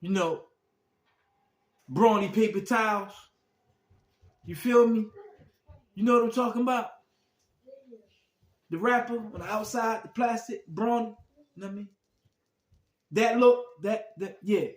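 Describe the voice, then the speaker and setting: A man's voice: high-pitched, a little slow, pauses often. A man hosting a podcast, talking in a repetitive way and calling listeners "man" as he signs off. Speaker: podcast host. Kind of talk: emotional podcast sign-off. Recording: echoey room.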